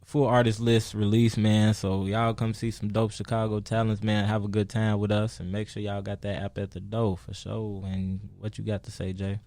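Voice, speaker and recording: Easygoing host with a low flat voice. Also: male voice, moderate pace, few pauses, dry recording. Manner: relaxed, easygoing, casual slang. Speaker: radio show co-host. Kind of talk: casual interview chat.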